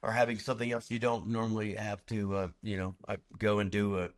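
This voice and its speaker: A man's voice: fairly low pitch, flat delivery, brisk. Rambling male comedian telling stories. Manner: rambling storyteller, acts out quoted voices. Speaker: comedian guest. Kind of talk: casual interview chat.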